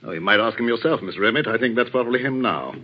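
An actor in a 1940s radio drama playing a worried, kindly village vicar, measured and gently authoritative. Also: male voice, mid-range voice, expressive, close to an everyday voice. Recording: dull old radio recording with faint hiss.

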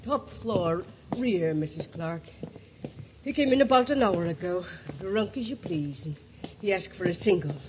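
A woman's voice: on the low side, lively intonation, unhurried, background noise. An actress playing a nosy, gossipy boarding-house landlady, chatty and suspicious, 1940s radio acting style. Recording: dull lo-fi old radio recording.

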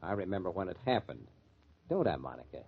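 An actor playing a sarcastic, tough-talking club owner in a 1940s radio drama. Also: male voice, sits low, big pitch swings, brisk, creaky, slightly rough, full character voice. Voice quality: sneering, tough-guy slang. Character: gruff, sarcastic male club owner, middle-aged, bitter. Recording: muffled old radio recording.

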